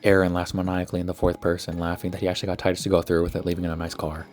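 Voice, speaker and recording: A man's voice: sits low, completely flat delivery, very fast, soft background music. A teenage student giving a jokey, slangy plot summary, constantly quoting characters with "he's like.". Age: teens. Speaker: student presenter. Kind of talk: casual comedic plot summary.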